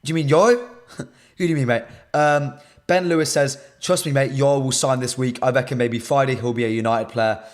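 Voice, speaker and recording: A man presenting a live football stream, his voice shot and hoarse, talking casually to his chat and repeating himself. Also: medium pitch, fairly even intonation, normal speed.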